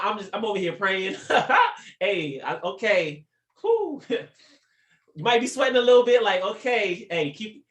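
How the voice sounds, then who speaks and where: Here the same motivational speaker's high, slightly bright voice echoes in a reverberant space. He gives his faith-based livestream talk playfully, acting out small scenes and laughing frequently.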